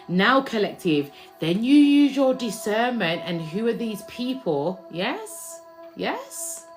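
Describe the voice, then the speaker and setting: A young woman giving a spiritual card reading to viewers, chatty and slangy, swinging between loud bursts and hushed asides. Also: a little high, sing-song, takes it slowly, soft background music. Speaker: tarot reader.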